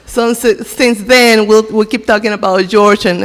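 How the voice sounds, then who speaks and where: In a big, echoey church sanctuary, a woman gives a heartfelt personal testimony as a tribute at a memorial service, halting and restarting often. Her voice is medium-pitched with a steady tone.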